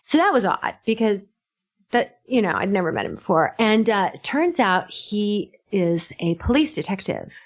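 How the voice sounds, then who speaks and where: A woman's voice: mid-range voice, normal speed. A middle-aged woman, a podcast guest, telling stories in casual chat, laughing and acting out what people said. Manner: animated, laughing, acts out quotes.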